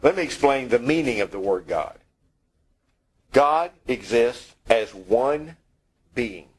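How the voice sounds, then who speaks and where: Husky-voiced male preacher, conversational sermon. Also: fairly low pitch, rough recording. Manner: conversational, wry, acts out quoted lines.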